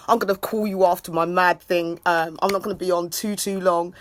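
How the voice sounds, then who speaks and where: A woman in a rambling live video chat. She rants and shouts out to friends in an excitable way. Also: medium pitch, normal speed, hardly any pauses, dry recording. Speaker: vlogger.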